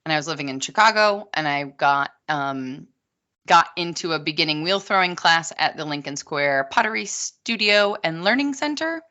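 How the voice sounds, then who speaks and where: A woman's voice: deep voice, lively intonation, moderate pace, sharp tone, dull audio. A woman guesting on a podcast, talking casually and at length, with many asides. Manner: long-winded, chatty, many asides. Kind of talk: casual chat.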